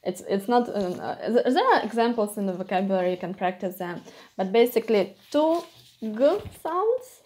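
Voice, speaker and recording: A woman with a Ukrainian accent teaching a pronunciation lesson, repeating sounds slowly for practice. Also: medium pitch, expressive, a little mellow. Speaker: language teacher.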